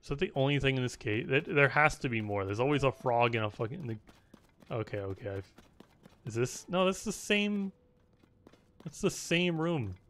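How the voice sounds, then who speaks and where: An animated young man with a medium-pitched, slightly bright voice speaks at normal speed while playing a game. His casual commentary turns into a rambling story packed with restarts and filler words, and he swears occasionally and laughs often at his own telling.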